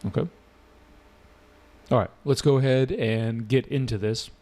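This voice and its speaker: A man's voice: mid-range voice, a little slow, darkish tone. A man teaching a live online exam-prep lesson with energy, repeating points and quizzing his students. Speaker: English test-prep teacher.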